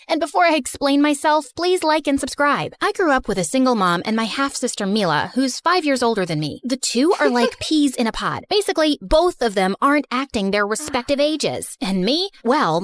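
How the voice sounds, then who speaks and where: A young woman narrating an animated first-person story in a sarcastic, chatty and dramatic way, recorded on a close studio mic. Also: on the high side, no room sound.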